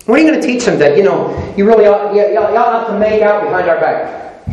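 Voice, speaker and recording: An older man preaching a sermon as pastor in a church, animated, laughing often and asking rhetorical questions. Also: high-pitched, brisk, roomy sound, dull audio. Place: church sanctuary.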